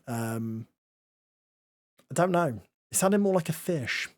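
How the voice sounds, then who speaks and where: A man calls his football management match in a mock-commentator style, breaking off for wry, self-deprecating asides. His voice sits fairly high and swings widely in pitch. It is close and dry, with no room sound. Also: slow, pauses often, no room sound. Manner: lively, self-mocking, mock-commentator delivery. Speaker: gaming YouTuber. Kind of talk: playful game commentary.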